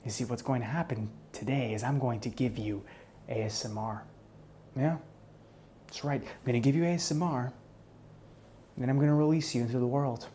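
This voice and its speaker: A man voicing a smug, menacing male hitman in a whispered role-play, taunting his captive in a soft, close voice. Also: a little high, slight background noise, natural voice. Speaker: ASMR role-play performer.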